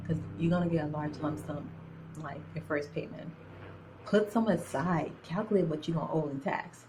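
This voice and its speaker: A young woman in nursing school telling a story in a casual, animated, slangy way, drifting in and out of an accent. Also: deep voice, slight background noise, low-quality recording. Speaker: nursing student. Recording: phone-recorded video.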